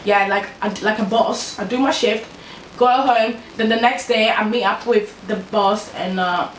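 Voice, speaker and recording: A woman's voice: on the high side, measured pace, a little hiss or hum. Young woman doing a storytime vlog, chatty and slangy, kinda far from the mic in an echoey room. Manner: animated, slangy, laughs while telling. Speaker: vlogger.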